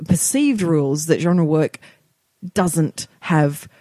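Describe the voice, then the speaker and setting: A woman's voice: low voice, expressive, takes it slowly, dark tone, no echo, clean studio sound. A woman co-hosting a podcast, chatting casually about books and laughing often. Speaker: podcast co-host. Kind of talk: casual book review chat.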